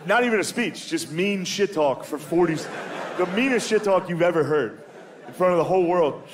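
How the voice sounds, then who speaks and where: Crude stand-up comic, noisy recording. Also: male voice, high-pitched, lively intonation, moderate pace. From United States. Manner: crude, profane, chuckles at his own jokes, says dude a lot. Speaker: stand-up comedian. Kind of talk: stand-up comedy set. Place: comedy stage before a live audience.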